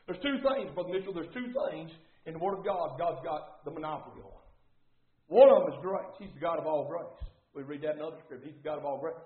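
A man's voice: fairly high pitch, animated, quick pace. A man preaching a sermon with fervor, repeating phrases and calling out to the congregation. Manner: fervent, repetitive, calls out to the congregation. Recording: echoey, tinny phone-like sound.

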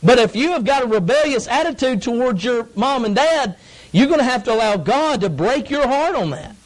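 Man, very high voice, folksy emphatic preaching, youth sermon. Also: expressive, moderate pace, rough recording. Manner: folksy, emphatic, acts out grumbling kids. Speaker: youth pastor.

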